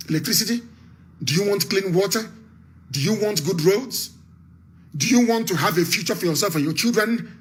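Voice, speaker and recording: A man with a Nigerian accent delivers a fiery radio address, hammering the same phrases again and again and barking commands. His voice sits high and comes across bright and tense. He speaks with the urgency of an activist rallying his listeners. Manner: fiery and repetitive, barking orders. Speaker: political activist broadcasting on radio.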